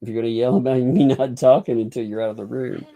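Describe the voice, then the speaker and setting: A man's voice: mid-range voice, flat delivery, fast, mellow. A man hosting a casual livestream, chatting loosely and laughing often between phrases. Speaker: livestream host. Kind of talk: casual live commentary. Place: home.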